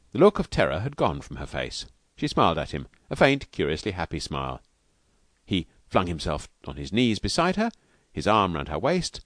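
Male audiobook narrator, low voice, very lively intonation. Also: no room sound. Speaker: audiobook reader.

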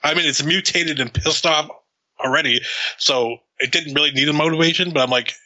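Man, casual movie-chat co-host, very bright tone, profane and animated storyteller. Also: on the high side, fairly quick, low-quality recording. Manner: profane, laughing, acts out scenes in quotes.

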